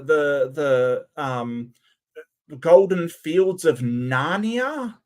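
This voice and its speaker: A man, speaking with a lively, up-and-down pitch and a slightly higher voice. He hosts a commentary channel and mocks the clips he plays with sarcastic, incredulous remarks. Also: takes it slowly. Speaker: commentary host.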